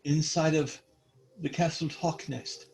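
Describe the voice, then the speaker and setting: A man's voice: a little high, fairly even intonation, slow, creaky, a little mellow, faint music behind. A man voicing a strange, thin male Nocturne guide who talks in a casual, familiar way. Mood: friendly.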